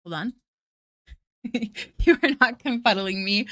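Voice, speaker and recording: A woman's voice: a little high, unhurried, long pauses, pushed and bright, no echo. A young woman chatting casually on a live art stream, bubbly and self-deprecating, gushing over fan art. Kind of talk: casual live-stream chat while drawing.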